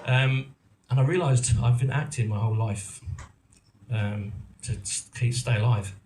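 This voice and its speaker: A middle-aged man from England chats to a live audience, rambling and joking at his own expense, full of ums and false starts. His voice sits at an ordinary pitch and carries through a roomy, echoing event hall, with faint murmur behind him. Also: unhurried, a little mellow, a little hiss or hum. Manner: rambling and self-mocking, many ums and restarts. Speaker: actor and producer giving a talk. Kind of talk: casual storytelling to a live audience.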